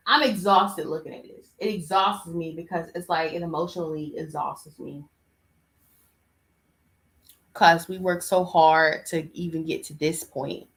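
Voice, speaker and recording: A woman's voice: low voice, steady tone, moderate pace, hardly any pauses, a bit bright. A woman hosting a podcast, giving casual, exasperated reaction commentary. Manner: exasperated, emphatic. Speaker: podcast host.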